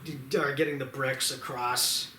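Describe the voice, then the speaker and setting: Bright-voiced man recapping a movie. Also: medium pitch, steady tone. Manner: retells scenes acting out lines in quick quoted voices. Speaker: co-host. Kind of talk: casual movie recap chat. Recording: roomy echo with faint noise.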